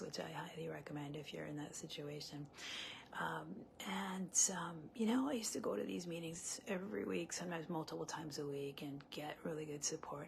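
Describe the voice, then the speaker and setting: Gravelly low-voiced woman coaching earnestly. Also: slight background noise. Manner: earnest, conversational, many fillers and restarts. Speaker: relationship coach. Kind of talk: live coaching talk to viewers.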